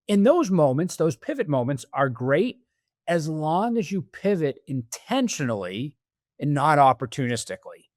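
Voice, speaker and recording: A man's voice: a little high, a little fast, dry recording. Business guy guest on a podcast, tells stories and does the voices of people he's quoting, dry close sound. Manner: animated storyteller acting out quoted dialogue. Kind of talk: conversational interview.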